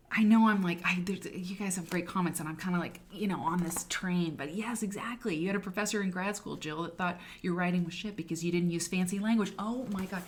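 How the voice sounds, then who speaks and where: A woman hosting a casual livestream, talking about writing in an animated, emphatic way with chatty asides. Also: medium pitch, moderate pace, slight background noise. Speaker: host.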